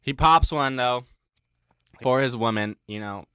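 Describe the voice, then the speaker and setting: A man's voice: medium pitch, a little slow, bright, forceful tone, smooth, no room sound, studio quality. A man giving a casual, rambling recap of a TV horror episode, full of slang, swearing and fillers. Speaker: video commentator.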